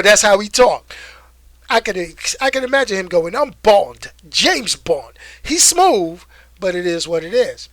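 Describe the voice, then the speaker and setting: Male stream host, young adult, high voice, animated slangy delivery, dry close sound. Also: dry recording. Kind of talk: casual live-stream chat.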